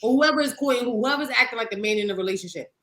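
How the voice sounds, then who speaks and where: A woman co-hosting a podcast, chatting casually in an animated, profane way and laughing often. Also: on the high side, rapid-fire, roomy sound, poor audio. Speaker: podcast co-host. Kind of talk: casual chat.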